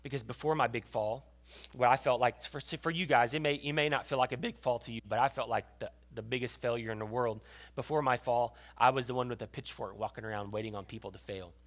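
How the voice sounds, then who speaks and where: A young adult man preaches from his own life in a loose, storytelling way, full of fillers and restarts. His voice sits at a middle pitch for a man. At tender moments he grows quiet and hushed. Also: fairly even intonation, fast talker. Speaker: pastor. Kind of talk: sermon.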